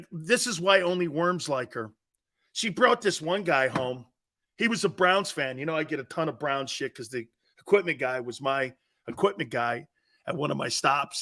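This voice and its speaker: A middle-aged man hosting a sports talk show, telling a family story with loud laughs and acted-out quotes. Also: on the high side. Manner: excitable, laughs loudly, acts out quotes.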